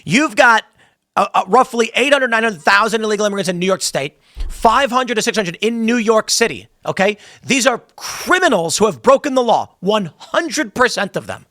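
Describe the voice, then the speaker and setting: Emphatic high-voiced male political commentator. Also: lively intonation, normal speed, pushed and bright, dry recording, studio quality. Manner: emphatic, stumbles and repeats words, acts out quotes.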